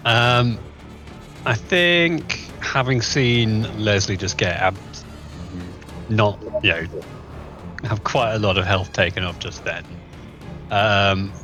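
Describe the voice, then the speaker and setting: A man's voice: fairly low pitch, takes it slowly, long pauses, bright, forceful tone, faint music behind. A man playing a tabletop game, casual and rambling, with the odd swear. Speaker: player.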